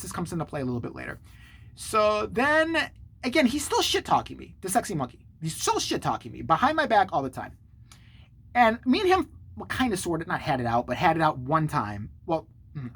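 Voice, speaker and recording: A man hosting his own channel, telling a story to the camera in a sarcastic, profane, animated way. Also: fairly high pitch. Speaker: channel host.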